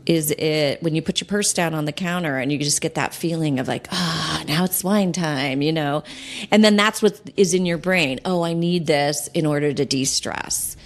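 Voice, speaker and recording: A woman podcast host and sobriety coach, talking gently and reassuringly in a conversational way, sometimes acting out inner thoughts. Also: sits low, normal speed.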